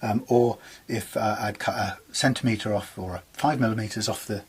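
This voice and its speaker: A man's voice: on the low side, fairly even intonation, moderate pace, slightly rough. A man with an English accent chatting casually about a guitar repair in his workshop, rambling and bemused, laughing often.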